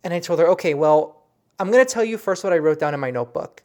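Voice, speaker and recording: A psychic medium tells the story of a reading in an earnest, personal way. The voice is soft and emotional, with frequent stumbles and restarted sentences, as if working through the memory aloud. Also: medium pitch, expressive. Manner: earnest, halting, with many restarts; softly emotional.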